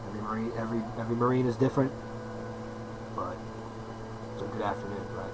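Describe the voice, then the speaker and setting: A hyper, upbeat man in his thirties chats casually, rambling and looping back on his words with plenty of slang. His voice sits at an ordinary middle pitch. A faint hiss of noise runs under the recording. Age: 30s. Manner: hyper, fast-talking, repeats himself, upbeat slang. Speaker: personal trainer vlogger. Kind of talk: casual rambling vlog talk.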